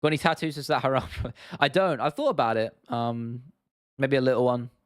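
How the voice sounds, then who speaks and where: A man's voice: mid-range voice, a little fast, no echo, studio quality. Chatty man on a livestream. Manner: relaxed, chatty, answers chat questions with laughs. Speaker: livestream host. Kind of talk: casual livestream chat.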